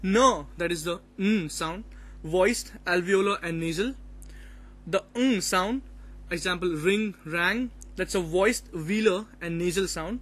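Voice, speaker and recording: A man's voice: high-pitched, takes it slowly, a bit bright, slightly rough. A man presenting a phonetics topic in class, partly reading out his notes and hesitating often with fillers. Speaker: student presenter.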